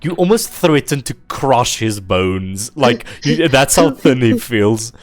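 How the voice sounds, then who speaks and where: A man narrating as game master of a live tabletop game, relaxed and often laughing. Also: medium pitch, takes it slowly.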